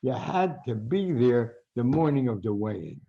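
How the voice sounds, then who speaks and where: A man's voice: medium pitch, normal speed, creaky, slightly rough, lo-fi sound. An older man, a guest boxing writer, telling stories in an interview and acting out the people he quotes. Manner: animated storyteller, acts out quotes loudly. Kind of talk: storytelling interview.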